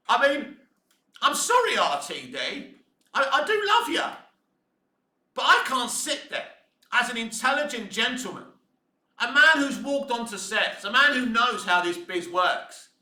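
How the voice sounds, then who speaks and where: Ranting man with a bright, echoey voice. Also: very high voice. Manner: profane, swinging from muttering to shouting. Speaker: fan commentator. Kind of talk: ranting video commentary.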